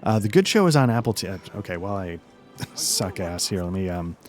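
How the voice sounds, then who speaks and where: A man's voice: sits low, big pitch swings, a little fast, faint music behind. A man hosting a let's play, chatting casually and rambling through self-deprecating asides while he games. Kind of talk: casual commentary while gaming.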